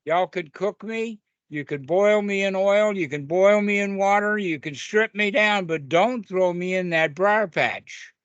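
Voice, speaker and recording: A man's voice: high-pitched, a little slow, few pauses, a bit bright, clear, resonant tone, dry recording, highs cut off, pitched above the performer's own voice. A man voicing a sly, cocky male rabbit from an old folk tale, drawling in a raised voice. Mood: pleading.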